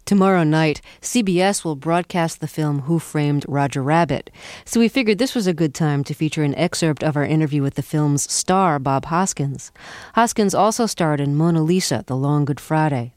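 A woman hosting a radio interview, introducing her guest and asking questions in a measured way. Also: deep voice, darkish tone, no room sound, clean studio sound. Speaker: interviewer host.

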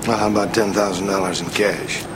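A man's voice: sits low, level tone, a little fast, background noise, natural voice. A man playing a flustered lawyer. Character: nervous male lawyer, middle-aged, hurriedly backpedaling. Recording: distant film soundtrack clip.

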